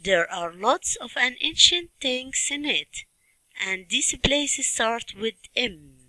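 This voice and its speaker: A woman teaching a children's English lesson, speaking slowly and clearly and repeating questions and word drills. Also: fairly high pitch, animated, pushed and bright, no room sound, poor audio. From Libya. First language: Arabic.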